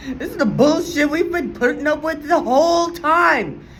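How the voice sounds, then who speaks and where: A woman's voice: sits high, expressive, moderate pace, a little hiss or hum, low-quality recording. A woman vlogging in a casual, profane, rambling way, with lots of fillers, her voice rising sharply when she gets indignant. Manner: profane, meandering, many fillers. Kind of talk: casual rant to camera.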